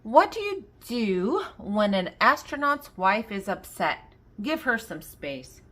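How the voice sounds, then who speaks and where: Older woman, children's joke reader, slow, animated pitch, amused. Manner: reads riddles then answers, laughing at her own jokes. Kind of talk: reading a joke book aloud.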